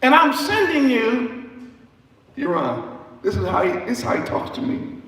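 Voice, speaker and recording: A man preaching a sermon in an emphatic, repetitive way that rises to shouts. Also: very high-pitched, huge pitch swings, normal speed. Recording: echoey hall, far from the mic.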